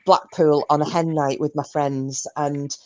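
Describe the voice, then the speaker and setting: A woman's voice: sits low, fairly even intonation, unhurried. A woman hosting a live stream, telling stories in a chatty, frank way and swearing freely. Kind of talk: casual chat.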